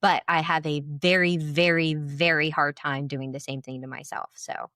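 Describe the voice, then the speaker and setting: A woman's voice: low-pitched, little pitch movement, normal speed, fairly bright tone, no echo, studio quality. A woman co-hosting a podcast, talking in an earnest, reflective way and repeating words for emphasis. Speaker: podcast co-host. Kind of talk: casual chat.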